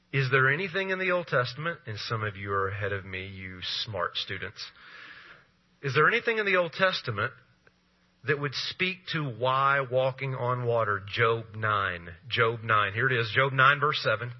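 A male pastor preaching a sermon, asking rhetorical questions and pausing for effect, with a husky voice. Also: medium pitch, animated, muffled recording.

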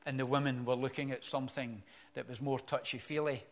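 An older man preaching a sermon as pastor, earnest, swelling to emphatic peaks, then dropping soft and slow. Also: mid-range voice, flat delivery.

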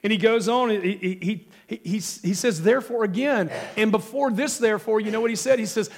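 A male pastor delivers an emphatic sermon while nursing a cold. His voice sits high for a man, and he keeps turning to the congregation with questions. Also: fairly quick, hardly any pauses. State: has a cold.

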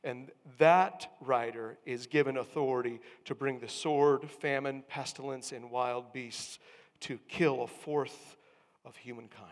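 A man's voice: mid-range voice, fairly even intonation, measured pace. A male pastor preaching a sermon, teaching steadily and building emphasis on key words. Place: church. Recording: long reverb of a church hall.

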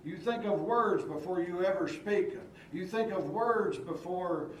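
A male Sunday school teacher who reads the scripture and then explains it in a plain, unhurried way, often stopping to restart a thought. His voice sits a little high for a man. He is heard from some distance in a roomy church space, with a faint hiss underneath. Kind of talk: expository Bible teaching. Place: church room. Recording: echoey church room from far off, faint hiss.

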